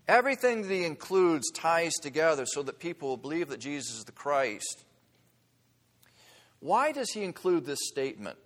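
Earnest preacher in a reverberant hall. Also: male voice, a little high, a bit bright. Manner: earnest, building to fervent emphasis. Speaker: pastor. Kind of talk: sermon.

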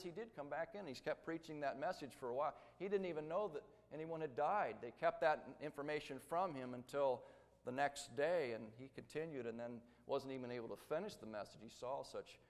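A man preaching a sermon, telling a story with dramatic swings between loud emphasis and hushed tones. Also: mid-range voice, long reverb tail.

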